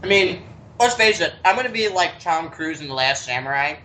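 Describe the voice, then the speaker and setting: Bright-voiced chatty man on a podcast. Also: on the high side, animated, a little fast, slight background noise. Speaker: podcast co-host. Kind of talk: casual chat.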